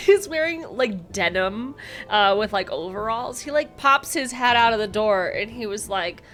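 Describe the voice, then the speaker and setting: Giggly woman with a lively voice. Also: medium pitch, measured pace, faint music behind. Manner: giggly, loose and chatty. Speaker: game master. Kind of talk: narrating a tabletop game.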